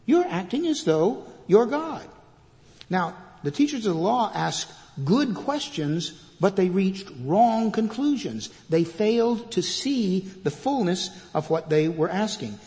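A man preaching a sermon as pastor, reading scripture loudly and dropping to quiet asides. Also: high voice, very animated, a little slow, few pauses, long reverb tail.

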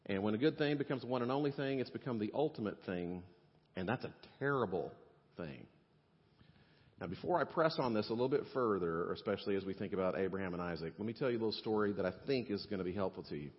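A man preaching a sermon, animated, acting out the voices of the people he quotes. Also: fairly low pitch, fast. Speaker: pastor. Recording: dull sound with long hall reverb.

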